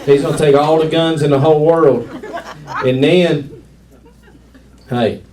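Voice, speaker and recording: A man's voice: fairly high pitch, fairly even intonation, unhurried, darkish tone. A man doing a stand-up comedy set, shifting into a mock-preacher and mock-redneck delivery. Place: comedy club stage before a laughing crowd. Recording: distant mic in a noisy crowded club.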